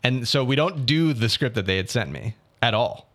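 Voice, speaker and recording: A young man chatting casually about his week. He tells the story with energy, quoting people and venting, and his voice sits at an ordinary middle pitch. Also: moderate pace. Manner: animated storytelling, swearing, quoting others. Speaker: actor telling about auditions. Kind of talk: casual chat.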